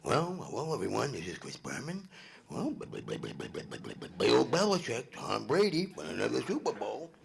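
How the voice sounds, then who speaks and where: A man's voice: mid-range voice, very animated, normal speed, creaky, slightly rough, pitched below the performer's own voice, exaggerated voice. A man doing a blustery, stammering sportscaster impression. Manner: blustery stammering announcer delivery.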